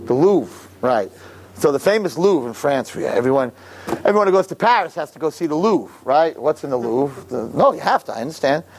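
A man giving an animated storytelling sermon as a religious teacher, who keeps checking in with the audience. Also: on the high side, brisk, a little hiss or hum. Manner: animated, keeps asking "right?".

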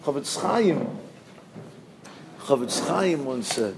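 A man's voice: mid-range voice, big pitch swings, slow, gravelly, background noise. A male rabbi giving a sermon, telling stories animatedly and chanting repeated verses.

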